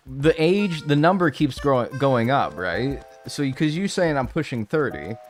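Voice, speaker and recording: A man's voice: mid-range voice, sing-song, measured pace, soft background music. A man in his twenties, a game streamer chatting casually with live viewers in a rambling, joking way. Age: 20s. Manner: rambling, joking, full of filler "like".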